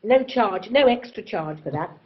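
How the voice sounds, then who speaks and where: A woman from England with an English accent, talking in an expressive, theatrical way. Her pitch sits in an ordinary middle range and moves freely. The recording is a little dull and muffled. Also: normal speed. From England, born in Oxford. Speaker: actress, festival guest. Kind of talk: conversational interview.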